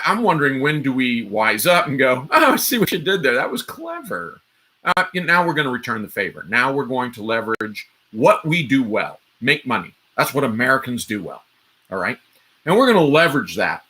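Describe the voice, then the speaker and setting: Bright-voiced man riffing on a live stream. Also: medium pitch. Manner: rambling, restarts often, talks straight to viewers. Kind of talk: casual political commentary.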